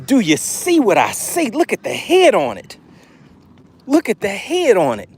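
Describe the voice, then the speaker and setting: A man hosting a live fishing stream from a boat outdoors, excitably narrating his catch and reading chat aloud. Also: sits high, unhurried, breathy edge. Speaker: fishing livestream host.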